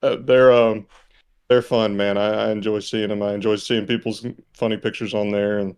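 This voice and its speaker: Relaxed, chuckling man from Mississippi. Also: fairly low pitch, moderate pace, smooth. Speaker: podcast co-host. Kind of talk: casual podcast chat.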